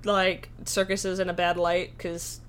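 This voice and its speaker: A woman's voice: lowish voice, level tone, measured pace, a little hiss or hum. A woman co-hosting a casual fan podcast, talking in an emphatic, playful way. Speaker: podcast co-host.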